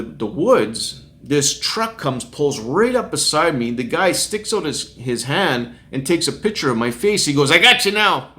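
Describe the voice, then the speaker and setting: A man's voice: a little high, fairly bright tone. A middle-aged man, a street minister, telling a personal testimony story and often chuckling as he recounts it. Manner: chuckles often while recounting, acts out quoted voices.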